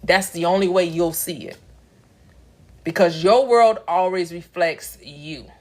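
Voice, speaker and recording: A woman's voice: on the low side, a little slow, darkish tone. A woman giving a preachy spiritual talk, repeating phrases and asking questions back to listeners. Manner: preachy, repetitive, call-and-response. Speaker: spiritual teacher. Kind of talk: motivational spiritual teaching.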